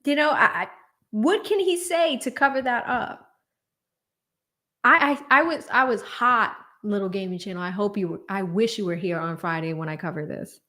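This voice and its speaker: A woman's voice: mid-range voice, moderate pace, bright, forceful tone. A woman hosting a livestream, chatting casually, thanking donors and laughing often. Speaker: livestream host.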